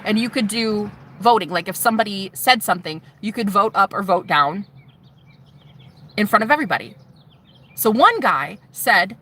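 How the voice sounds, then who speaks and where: Woman vlogger, high-ish bright voice, sassy and profane, personal testimony. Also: a little slow, pauses often, a little hiss or hum. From United States. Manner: animated, sassy, calls viewer "honey"; swears freely, shouts mocking retorts.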